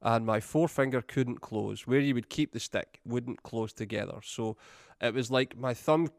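A man's voice: mid-range voice, normal speed, no echo, clean studio sound. A middle-aged man, hosting a podcast in an easygoing way and speaking straight to the listeners. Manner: easygoing, addresses listeners directly. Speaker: podcast host, drummer, music shop worker. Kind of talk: casual chat.

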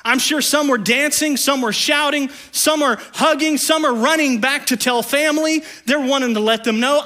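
A man preaching a sermon as pastor, dropping to hushed low lines and rising to loud raised ones, with playful conversational asides. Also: normal speed, few pauses.

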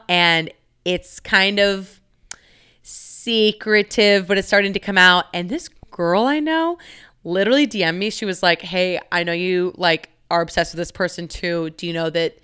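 A young woman chats on her own podcast in a loose, filler-heavy way, swearing freely and giggling through her stories. Her voice is bright and smooth, with a clean, clear tone. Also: on the low side, measured pace. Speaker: podcast host. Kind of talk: casual solo podcast chat.

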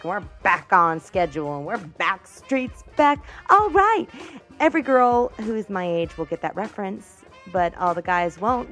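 A woman's voice: medium pitch, fairly bright tone. Bubbly rambling young woman host. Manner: rambling, bubbly, self-mocking. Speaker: podcast host. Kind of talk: comedy podcast monologue and sketch.

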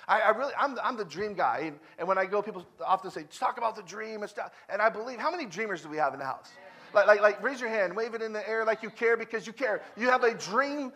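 A male pastor preaching a lively sermon, repeating words and asking the congregation questions. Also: high voice. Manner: energetic, repeats words, asks the crowd questions.

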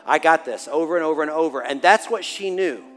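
A man in his forties preaching a sermon and telling a family story, animated, swinging from hushed to loud and laughing. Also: on the high side, a little fast. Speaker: pastor. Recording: long hall reverb with faint music.

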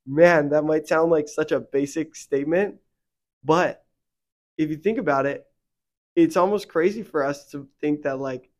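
A man's voice: on the high side, a little slow. A young man co-hosting a faith podcast, talking casually and rambling with many fillers, getting heated when he vents. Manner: rambling, filler-heavy, animated when venting. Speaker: podcast co-host.

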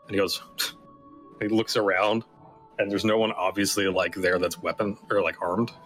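A man's voice: deep voice, little pitch movement, moderate pace, a bit bright, faint music behind, low-quality recording. A man narrating as game master of a tabletop game, in a casual way with lots of fillers and restarts.

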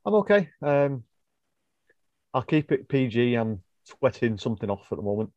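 Male podcast co-host; mellow, rambling, self-correcting; dry, dull call audio. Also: mid-range voice, very animated, normal speed, no room sound. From United Kingdom. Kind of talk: casual podcast chat.

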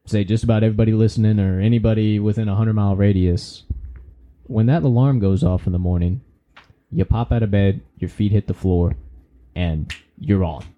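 Man, low and very dark voice, casual preachy pep talk, folksy and swears, muffled lo-fi recording. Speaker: podcast host.

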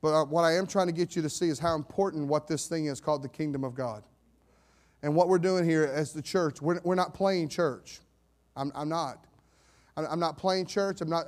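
Man, pastor, high-pitched, fiery preaching that drops to calm reading. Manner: swings from shouted declarations to low, steady scripture reading. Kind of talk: sermon.

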